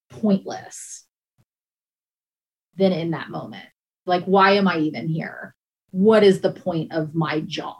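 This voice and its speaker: Halting, emotional former dispatcher woman. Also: on the low side, a little mellow, highs cut off. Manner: halting, emotional, with many restarts and pauses. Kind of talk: personal account in a conversation.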